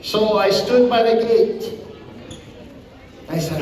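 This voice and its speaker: A man's voice: high voice, takes it slowly, slight background noise. An older man from Hawaii with a Hawaiian accent, a comedian chatting and telling stories to a live audience. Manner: animated, chatty storyteller. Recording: echoey hall from far off.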